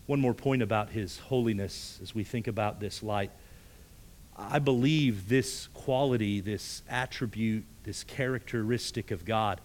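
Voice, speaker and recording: A male pastor preaching a sermon, emphatic, often repeating words, moving between strong raised passages and hushed near-whispered lines. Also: medium pitch. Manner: emphatic, rising to forceful peaks then dropping to hushed near-whispers; repeats words when stressing a point.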